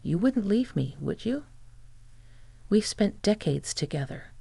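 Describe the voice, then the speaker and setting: A text-to-speech reader voicing an older, callous father-in-law who turns to pleading, in a flat delivery. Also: sits high, unhurried, gravelly, breathy edge, no echo, pitched above the performer's own voice, heavily acted.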